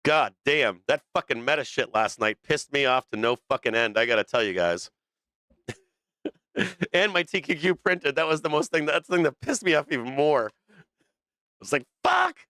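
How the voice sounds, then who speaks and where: A brash man calls live market trades, swearing freely and laughing between calls. His voice is bright and forceful, pitched a little high, with a smooth, crisp tone. The sound is dry and close, with no room around it. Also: moderate pace, no echo. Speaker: stock market livestream host. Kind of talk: profane live trading commentary.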